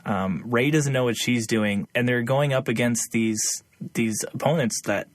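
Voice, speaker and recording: A man's voice: mid-range voice, measured pace, no room sound. A young man co-hosting a podcast, talking casually with lots of fillers and laughing often. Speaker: podcast co-host. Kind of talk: casual chat.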